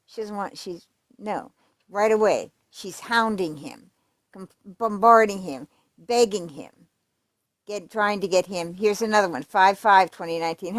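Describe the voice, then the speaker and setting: A woman's voice: mid-range voice, measured pace, no echo, clean studio sound. A woman giving casual true crime commentary, reading letters aloud in a conversational, emphatic way with fillers and restarts.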